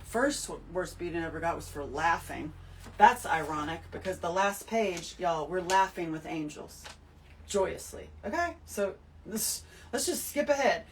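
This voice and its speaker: Animated woman, off-mic. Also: on the low side, distant mic, slight background noise, low-quality recording. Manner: animated, emphatic, swearing, addresses listeners as y'all. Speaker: host. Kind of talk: spiritual monologue to camera.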